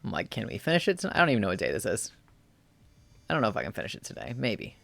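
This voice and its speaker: A streamer casually commenting while playing a story game, in a rambling, low-key way. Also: very animated, rapid-fire, creaky, a bit bright.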